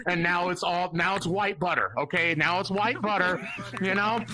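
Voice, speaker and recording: A man's voice: sits high, normal speed, sharp tone. A man doing a crude, rambling stand-up comedy set, often laughing at his own jokes. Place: virtual comedy club stage.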